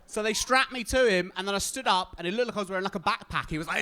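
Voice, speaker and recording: A young man from Britain telling a stand-up story on stage, animated and acting out the other people's voices. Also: sits high, fast talker. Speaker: stand-up comedian.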